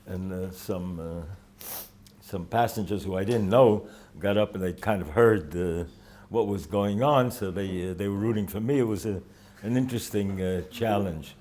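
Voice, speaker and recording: An older man, a rosh yeshiva, giving a holiday talk to students, telling stories with dry humor and pausing often with "uh.". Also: sits low, a little mellow. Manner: halting, with frequent "uh" fillers. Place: yeshiva in Jerusalem.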